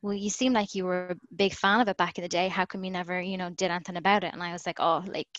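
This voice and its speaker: A woman's voice: fairly low pitch, fairly even intonation, fast, a bit bright, dry recording, poor audio. A woman in her thirties from Ireland with an Irish accent, a podcast guest telling her story in a chatty way, laughing often and acting out what people said. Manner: chatty, laughs often, acts out quoted lines. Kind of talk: casual storytelling in an interview. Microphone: remote call.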